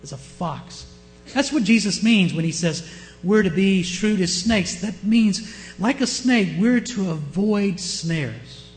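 A man with a Southern US accent preaching a sermon, often asking his listeners questions and shifting his pace and loudness. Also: sits high, animated, slow, soft background music. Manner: asks the congregation questions, varies pace and loudness. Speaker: pastor.

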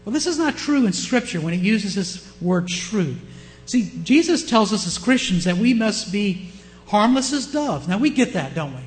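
A man with a Southern US accent preaching a sermon, often asking his listeners questions and shifting his pace and loudness. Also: high-pitched, very animated, normal speed. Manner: asks the congregation questions, varies pace and loudness. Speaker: pastor.

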